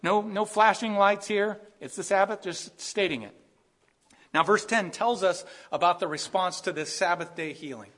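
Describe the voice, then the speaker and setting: Male pastor, lively sermon delivery with sudden bursts of emphasis. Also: sits high, normal speed. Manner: animated, acts out quoted voices, rising to bursts of emphasis.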